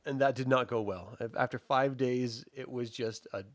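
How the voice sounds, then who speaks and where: A man's voice: mid-range voice, fairly even intonation, moderate pace, no echo. Joking man in casual chat. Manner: laid-back, joking, laughs often. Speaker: podcast co-host.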